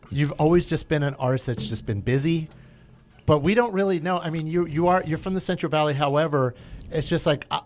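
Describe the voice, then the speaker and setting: Host, man, a touch higher-pitched, warm encouraging back-and-forth with his guest. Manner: encouraging, lots of backchannel agreement. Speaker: podcast host. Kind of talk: casual interview chat.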